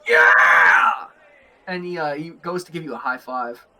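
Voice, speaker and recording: A man's voice: on the high side, fairly quick, pushed and bright, raised voice, a faint crowd. A young man narrating as game master in a rambling, giggly way full of fillers.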